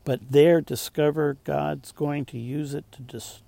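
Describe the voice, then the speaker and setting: A pastor preaching a sermon, rising to emphatic points and dropping to soft, slowed asides. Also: male voice, a little high, steady tone, vocal fry, no echo.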